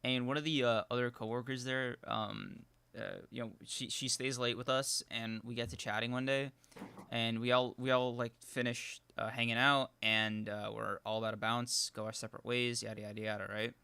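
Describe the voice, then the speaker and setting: Bright-voiced young man rambling excitedly. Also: mid-range voice, normal speed, gravelly, clear, resonant tone, dry recording. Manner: rambling, animated storytelling with many fillers. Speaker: podcast co-host. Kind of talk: casual live-stream chat.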